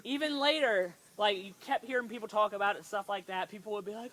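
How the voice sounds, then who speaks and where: A woman's voice: mid-range voice, brisk, few pauses, a bit bright. A woman telling a funny family story in a casual vlog, giggling often and filling her talk with "like". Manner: giggly, lots of "like" fillers, acts out quotes. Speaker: vlogger. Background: friends chiming in and laughing.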